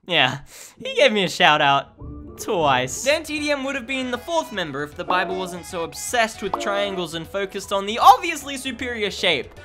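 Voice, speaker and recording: A young man in his late teens narrating a comedic storytime as a YouTube animator, sarcastic and animated, jumping from mock-dramatic shouts to low mumbled asides. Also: moderate pace. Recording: background music under voice.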